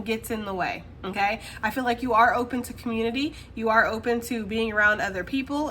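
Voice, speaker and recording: Bright-voiced chatty woman tarot reader. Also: a little high, a little hiss or hum. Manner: chatty, laughs often, talks straight to the viewer. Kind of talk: casual tarot reading to camera.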